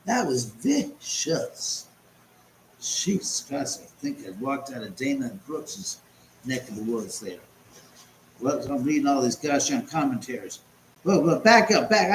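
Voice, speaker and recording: A man's voice: a little high, roomy sound, a little hiss or hum, poor audio. A man hosting a casual livestream chat from home, rambling and sarcastic and swearing often. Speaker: livestream host.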